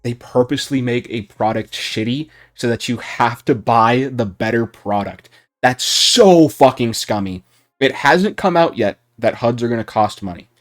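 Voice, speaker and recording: A young man giving unscripted commentary on a video game, heated and profane, with his voice rising toward shouting. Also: medium pitch, normal speed, faint music behind. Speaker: gaming YouTuber.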